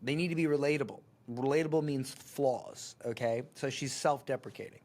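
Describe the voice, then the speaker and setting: A man in his thirties hosting a reaction breakdown of a sales pitch, full of sarcastic asides and laughter. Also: a little fast, a little mellow. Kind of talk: reaction commentary.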